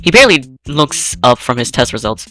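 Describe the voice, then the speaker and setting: A woman streamer narrates a visual novel in an even, steady way. Her voice sits low yet sounds crisp and bright. Faint game music plays underneath. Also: fairly quick. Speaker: let's play streamer. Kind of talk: reading a visual novel aloud.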